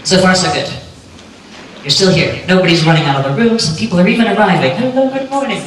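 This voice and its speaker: A woman giving a clear, lightly joking talk on pronunciation to a live audience at a conference. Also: lowish voice, animated, fast talker. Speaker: conference speaker on pronunciation teaching. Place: lecture hall. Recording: echoey hall, distant mic, faint hum.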